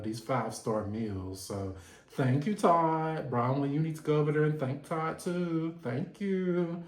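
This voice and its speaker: Sassy man recapping in an echoey room. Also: mid-range voice. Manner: sassy, animated, playful. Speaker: reality TV recap vlogger. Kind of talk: casual gossipy recap.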